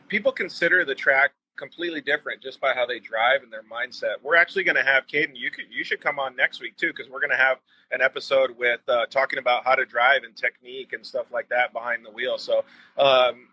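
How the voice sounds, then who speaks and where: A man's voice: mid-range voice, brisk, pushed and bright, husky, rough recording. A man hosting a casual live-stream chat show, enthusiastic and rambling with lots of fillers. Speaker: show host.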